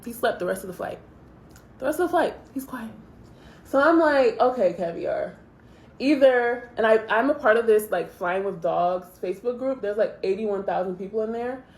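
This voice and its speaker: Young woman vlogger, casual storyteller, chatty and animated, roomy echoey sound. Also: on the high side, normal speed. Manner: chatty, animated retelling with quoted asides.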